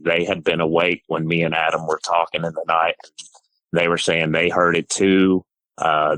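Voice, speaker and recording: Middle-aged male caller, flat and low, rambling story full of fillers. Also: no echo, rough recording. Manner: halting, full of "you know" and "uh". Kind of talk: telling a personal story.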